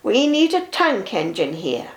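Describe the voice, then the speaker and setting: A woman voicing a stern older male railway boss, brisk and firm with a kindly side. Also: mid-range voice, sing-song, echoey room.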